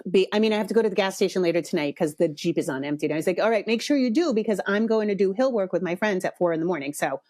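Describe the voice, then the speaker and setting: A woman's voice: mid-range voice, expressive, racing, hardly any pauses, warm tone, no echo, clean studio sound. A middle-aged woman hosting a podcast, telling a story in a frank, blunt way with some swearing. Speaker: podcast host. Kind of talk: casual storytelling monologue.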